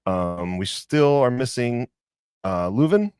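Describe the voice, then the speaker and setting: A man's voice: mid-range voice, animated, slow, a little mellow, clear, resonant tone, no room sound. A man co-hosting a podcast in casual chat, talking loosely and easily over a remote call. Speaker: podcast co-host. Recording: dry sound, choppy internet audio.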